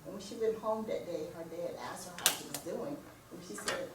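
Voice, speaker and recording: A woman's voice: lowish voice, brisk. An older woman taking part in a workshop, earnestly telling a story to the group. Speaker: workshop participant. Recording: very echoey room, distant mic, noise.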